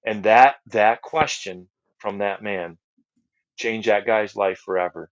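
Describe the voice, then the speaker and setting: Taking his time, a middle-aged US man with a low voice relates his personal testimony as a podcast guest who leads a ministry. He is earnest, repeats himself and uses many fillers, recorded dry with no room sound and a slightly dull quality.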